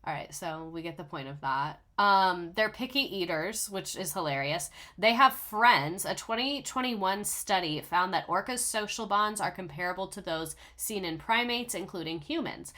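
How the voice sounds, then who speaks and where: A woman's voice: lowish voice, animated, normal speed, few pauses, pushed and bright, faint music behind. A young woman hosting a casual video, reacting to clips with sarcastic, emotional commentary and casual swearing. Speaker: video host.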